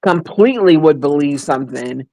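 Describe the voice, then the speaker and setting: A man's voice: on the high side, lively intonation, normal speed, warm tone, dry recording. A man joining a casual live chat, joking and telling playful stories.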